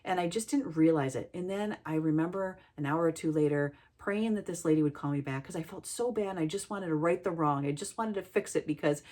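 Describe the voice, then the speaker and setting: A woman's voice: low voice, a little fast, hardly any pauses, a little mellow. A middle-aged woman, a healthcare worker, giving an earnest, heartfelt reflective talk about listening.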